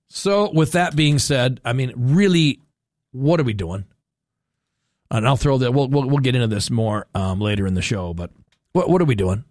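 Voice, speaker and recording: Exasperated talk radio host, dry sound. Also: male voice, mid-range voice, animated, moderate pace, no room sound. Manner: exasperated, incredulous, rambling with repeated restarts. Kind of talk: opinionated talk radio monologue.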